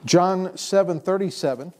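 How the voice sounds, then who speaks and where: A pastor preaches to his church in a high-pitched man's voice. He presses his points hard and repeats his key lines for emphasis. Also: normal speed, a little mellow. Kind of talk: sermon. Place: church sanctuary.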